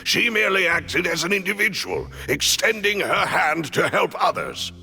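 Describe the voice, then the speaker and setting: A man's voice: high voice, wildly swooping pitch, normal speed, creaky, sharp tone, in a large hall, faint music behind, heavily acted. An actor playing a loyal, formal male butler who defends his lady in a game, speaking with indignation. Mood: earnest.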